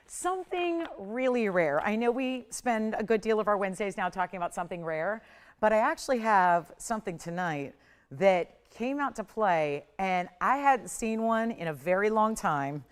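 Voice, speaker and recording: A woman's voice: medium pitch, normal speed, clean tone. A middle-aged woman hosting a live shopping channel, chatty and upbeat as she pushes deals and prices, her voice still recovering. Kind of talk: live home shopping sales pitch. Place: TV studio.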